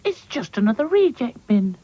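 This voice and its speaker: Man doing nervous little girl doll, high and breathy. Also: very animated, normal speed, dark tone, highs cut off, exaggerated voice. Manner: nervous, fretful. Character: timid, anxious girl rag doll.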